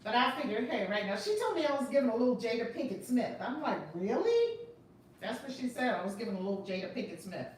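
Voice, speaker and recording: A woman who is a spiritual teacher and channel host runs a live-streamed class, exuberantly greeting viewers by name before teaching and stressing key words. Her fairly high, expressive voice moves fast with few pauses, picked up far from the mic in an echoey room with faint noise.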